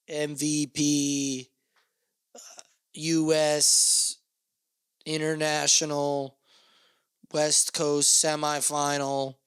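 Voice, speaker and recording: A man's voice: on the high side, a bit bright, smooth, no room sound. A young man with a slightly raised voice rambles through his podcast monologue. He jokes, swears freely and pokes fun at himself. The sound is close and dry, with no room around it. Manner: rambling, profane, joking, self-mocking. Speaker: podcast host.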